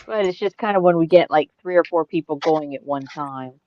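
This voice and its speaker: A woman in casual chat, calmly explaining practical details with easy fillers. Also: low-pitched, fairly quick, dull audio.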